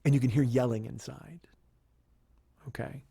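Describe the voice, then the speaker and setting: A podcast host telling a comedic story in an animated, profane, rambling way. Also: male voice, mid-range voice, moderate pace, vocal fry, breathy edge, no echo.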